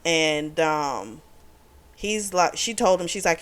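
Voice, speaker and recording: A woman's voice: low voice, expressive, slow pace. A woman reviewing a romance novel in a casual chat, retelling the plot and acting out the characters' lines. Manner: chatty retelling, acts out quotes with "she's like". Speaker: book reviewer.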